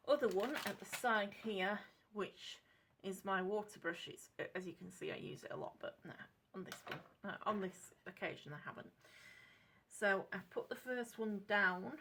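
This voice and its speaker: A woman's voice: mid-range voice, moderate pace, bright, forceful tone, a little hiss or hum. An English woman chatting casually and unscripted in a craft vlog, rambling, correcting herself and apologising as she goes. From England. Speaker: craft vlogger.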